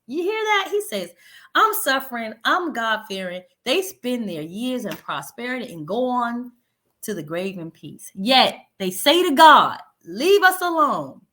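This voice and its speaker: A woman leading a Bible study, reading verses aloud and explaining them in a conversational, animated way. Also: fairly high pitch. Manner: animated, conversational, laughs lightly, paraphrases verses in everyday speech.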